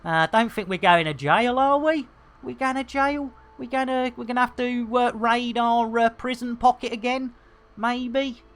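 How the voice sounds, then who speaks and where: A woman's voice: fairly high pitch, moderate pace. A middle-aged woman, chatting and joking her way through a live game stream in slangy banter.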